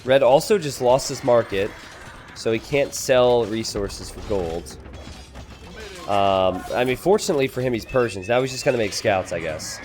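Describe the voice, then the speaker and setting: A man giving casual strategy game commentary, excitable, laughing and exclaiming at players' blunders. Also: medium pitch, normal speed.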